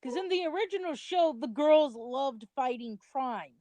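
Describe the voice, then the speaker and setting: Young woman rambling thru casual commentary, kinda high voice, takes her time. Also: expressive, unhurried, warm tone, no room sound. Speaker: co-host of a commentary video.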